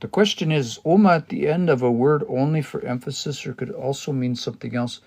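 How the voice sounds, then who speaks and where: A man's voice: medium pitch, a little fast, creaky, a little mellow. Man explaining word by word on a livestream. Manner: hesitant, many restarts, explains word by word. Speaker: language teacher. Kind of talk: livestream language lesson, thinking aloud.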